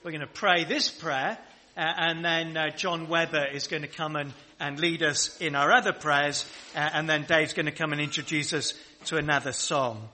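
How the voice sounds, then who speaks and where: Guy preaching in church, high bright voice, asks the crowd to answer back. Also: fairly even intonation, normal speed. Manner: leads congregation in prayer and call-and-response. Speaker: pastor. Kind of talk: sermon. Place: church service.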